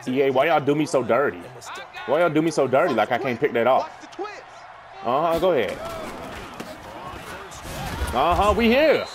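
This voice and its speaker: A man's voice: medium pitch, sing-song, moderate pace, long pauses, music in the background. A young man commentating his own football video game match live, hyped and trash-talking. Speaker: gaming YouTuber.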